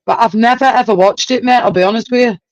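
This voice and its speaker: A woman hosting a casual livestream chat, talkative and quick to exclaim. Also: fairly high pitch, no echo, poor audio. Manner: chatty, exclaims and laughs often. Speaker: livestream host.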